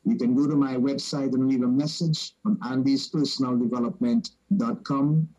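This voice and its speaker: A man's voice: medium pitch, fairly even intonation, dark tone, poor audio. Caribbean-accented male podcast guest. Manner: measured, lists contact details carefully. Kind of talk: casual podcast interview.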